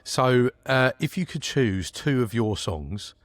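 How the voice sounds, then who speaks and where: A man co-hosting a music podcast, chatting casually, talking fast and laughing often. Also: medium pitch, animated, no echo. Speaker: podcast co-host. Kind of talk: casual interview chat.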